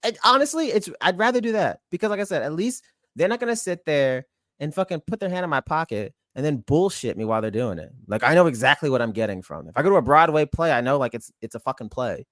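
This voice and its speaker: A man rants on a podcast in a profane, exasperated torrent, his fairly high voice swinging up and down with feeling. The sound is dry and close-miked, with no room around it. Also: animated, quick pace, a bit bright, no room sound. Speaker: podcast co-host. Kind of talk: heated ranting podcast talk.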